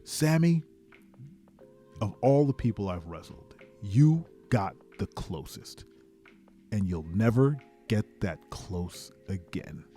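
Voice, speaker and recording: A man voicing an arrogant male wrestling champion who delivers low, measured threats. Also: expressive, dark tone, soft background music.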